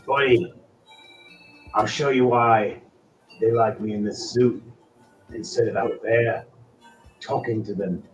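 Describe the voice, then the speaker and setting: A man's voice: on the low side, steady tone, slow pace, pauses often, echoey room, soft background music, low-quality recording. A man voicing a cocky, boastful mech pilot who taunts his enemy. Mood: taunting.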